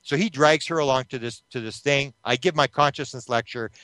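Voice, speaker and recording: A man of middle pitch recounts a story in an interview, close and dry with no room sound. He retells it animatedly, jumping into the voices of the people he quotes and restarting his phrases as he goes. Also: a little fast, bright, forceful tone, no room sound. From Canada. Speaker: interview guest, UFO researcher.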